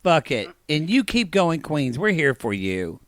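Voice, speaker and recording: A man's voice: fairly high pitch, sing-song, measured pace, a bit bright, dry recording, clean studio sound. A man co-hosting a podcast, retelling events in a sassy, profane and exaggerated casual chat. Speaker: podcast co-host.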